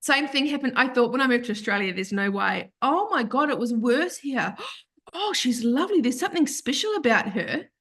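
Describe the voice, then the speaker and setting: A woman guest on a podcast, telling an emotional personal story in an animated, earnest way and acting out what other people said. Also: a little high, brisk, hardly any pauses. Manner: earnest, open about grief.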